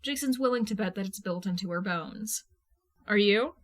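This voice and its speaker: A woman reading fan fiction aloud in a casual, lively manner, swearing freely. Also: mid-range voice, a little fast. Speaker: podfic reader. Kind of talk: fan fiction audiobook narration.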